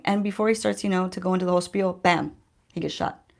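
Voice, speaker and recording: Woman vlogger with a creaky voice, chatting loosely to her audience mid-makeup and throwing questions at them. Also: lowish voice, quick pace. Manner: chatty, addresses viewers directly, rhetorical questions. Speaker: beauty vlogger. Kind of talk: casual storytime chat while doing makeup. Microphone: handheld-range mic while holding a mirror.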